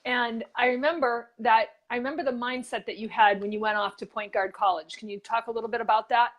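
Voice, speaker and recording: A woman co-hosting a casual motivational show, her voice sitting a touch higher than most. She rambles through stories and pitches, full of fillers and restarts. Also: steady tone, quick pace. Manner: chatty storyteller, many fillers and restarts.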